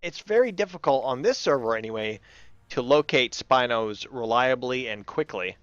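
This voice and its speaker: A man's voice: mid-range voice, lively intonation, moderate pace, a bit bright, smooth, no room sound, highs cut off. A man hosting his gaming channel, chatting and rambling through his gameplay and talking to the animals in the game. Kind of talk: casual gameplay commentary.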